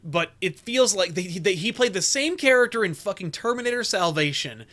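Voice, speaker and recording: A man co-hosting a casual chat about comics and movies over a remote call, animated and ranting, swearing freely. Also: sits high, brisk. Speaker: podcast co-host.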